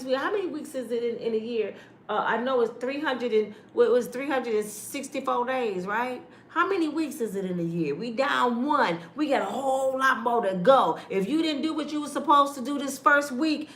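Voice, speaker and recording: A woman's voice: medium pitch, a bit bright, reverberant, a little hiss or hum. A woman vlogger talking in an emphatic, sermon-like way, repeating her phrases as she comments to her viewers. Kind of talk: preachy casual commentary.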